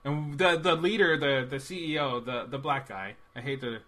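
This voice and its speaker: A young man co-hosting a loose movie chat. His voice sits bright and forward. He rambles and jokes, trailing off and picking the thread back up. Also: mid-range voice. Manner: animated, rambling, quick to joke. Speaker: podcast co-host. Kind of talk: casual movie review chat.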